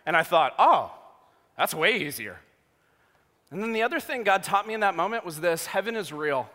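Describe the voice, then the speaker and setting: Male pastor, 30s, sermon storytelling, bright forceful voice, slightly high, hall reverb. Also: fast. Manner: animated storytelling, jokey asides, swings from hushed to loud.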